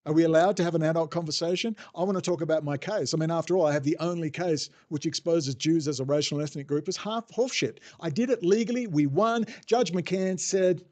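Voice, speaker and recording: A man's voice: fairly high pitch, brisk, hardly any pauses, darkish tone. A man hosting a casual livestream, rambling off the cuff, swearing freely and answering viewer chat as he goes. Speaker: livestream host.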